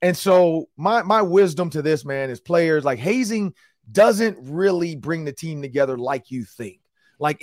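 A man hosting a sports talk show, telling a story in casual podcast style, animated and slangy. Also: on the high side, no room sound, clean studio sound. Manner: animated, acts out quotes in slangy banter.

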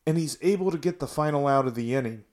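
A man's voice: on the high side, quick pace, darkish tone. A man hosting a sports podcast, talking casually and venting frustration with frequent restarts. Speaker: podcast host.

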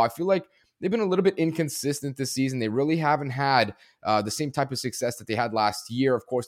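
A man's voice: mid-range voice, no room sound, studio quality. A man talking as a guest analyst in a casual sports discussion, emphatic and full of fillers. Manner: fast, emphatic, frequent fillers.

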